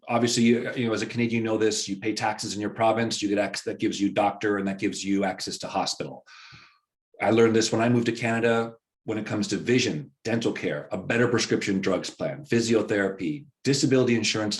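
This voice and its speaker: A man, a company founder, explaining in an interview how his business works, walking through examples and acting out the lines of the people involved. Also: lowish voice. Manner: walks through examples, acts out quoted dialogue. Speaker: founder of an employer firm, interview guest.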